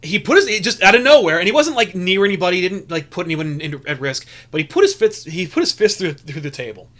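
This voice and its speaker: Podcast co-host, young man, high and bright voice, rambling casual storyteller. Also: lively intonation, quick pace. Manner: rambling storyteller with many restarts. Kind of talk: casual chat.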